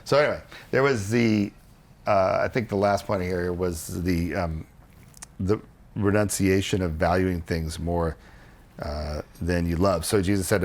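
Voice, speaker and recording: A man on a podcast, explaining ideas earnestly in casual conversation and acting out quoted dialogue as he goes. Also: measured pace. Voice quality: low gravelly voice, husky. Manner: earnest, animated storytelling with restarts and quoted dialogue. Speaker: podcast co-host explaining religious history.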